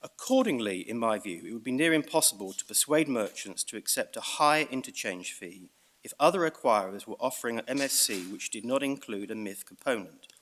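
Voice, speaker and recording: A British man arguing a case in court as a barrister, reading out evidence and stressing key words in a measured way. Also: mid-range voice, expressive, a bit bright. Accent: British English. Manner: measured, reads out evidence with emphasis. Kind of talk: courtroom legal argument.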